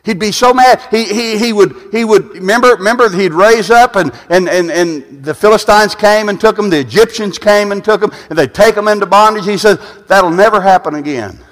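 Male preacher, high pitch, sermon delivery with stammered repeats, church hall reverb. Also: a little fast, few pauses. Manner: repetitive, restarting phrases, rising to shouts at peaks.

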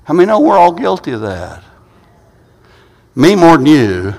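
A male pastor with a high voice, preaching a sermon in a church sanctuary. He keeps restarting and repeating words as he tells stories. A long hall reverb trails after every phrase. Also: very animated, moderate pace, darkish tone.

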